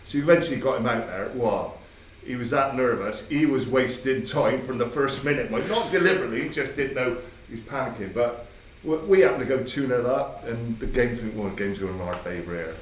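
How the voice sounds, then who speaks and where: A man past fifty spins loose, rambling football stories, restarting his sentences and acting out both sides of old exchanges. He sits some way from the mic in a roomy space. A steady hiss of background noise runs under him. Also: medium pitch, a little fast, few pauses, recorded from a distance. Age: over 50. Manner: rambling anecdotes with restarts, quoting himself, laughing. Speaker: former football manager, guest. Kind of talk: casual storytelling.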